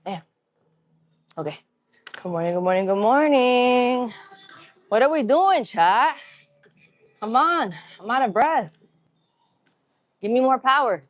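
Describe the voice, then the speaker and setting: A woman's voice: fairly high pitch, animated, slow pace, pauses often, no room sound. A woman livestreaming her workout from an empty gym, chatting in a hyped, slangy way and greeting her viewers. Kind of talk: casual livestream chat while working out.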